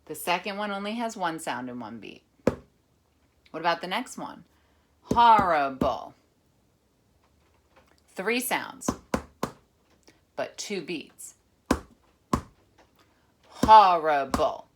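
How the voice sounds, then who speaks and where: A woman teacher reading a picture book aloud with lively emphasis, then patiently explaining a rhythm lesson. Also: on the low side, a little slow, pauses often, noisy background. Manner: animated, expressive reading with dramatic emphasis; patient, encouraging classroom explanation. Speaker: music teacher.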